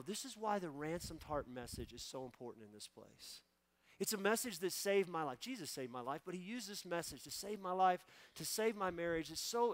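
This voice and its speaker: A man's voice: sits high, fairly bright tone, no echo. A man in his forties, a pastor preaching a sermon and then praying, speaking with fervent emotion and repeating key phrases for emphasis. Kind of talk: sermon ending in prayer. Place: church sanctuary.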